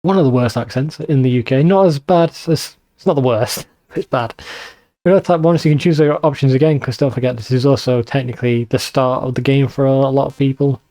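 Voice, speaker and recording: A man's voice: medium pitch, brisk, mellow. A man with a northern English accent chatting casually and swearing while commenting on a video game. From northern England. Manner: chatty, swears freely, mocking asides. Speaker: let's play host.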